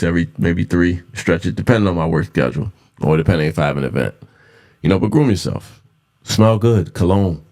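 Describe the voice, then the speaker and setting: In a low, creaky voice with a darkish tone, this thirtysomething podcast host talks alone into the mic. He's blunt and swears freely, and he says things more than once to drive them home.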